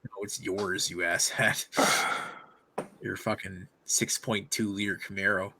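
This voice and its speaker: Profane, loud man on a podcast. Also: low-pitched, level tone, a little slow, a little hiss or hum. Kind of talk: casual chat.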